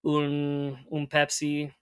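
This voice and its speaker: A man's voice: fairly high pitch, completely flat delivery, a bit bright, clear, resonant tone, dry recording. Patient man teaching phrases, close and dry. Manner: patient, explains and models phrases slowly. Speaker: Spanish teacher. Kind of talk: teaching conversational Spanish.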